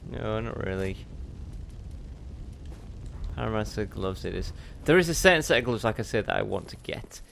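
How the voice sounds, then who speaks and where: A man's voice: lowish voice, animated, normal speed, vocal fry, long pauses, fairly bright tone, a little hiss or hum. A man hosting a let's play, giving chatty, self-mocking commentary as he plays and talking back to the game. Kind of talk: gameplay commentary.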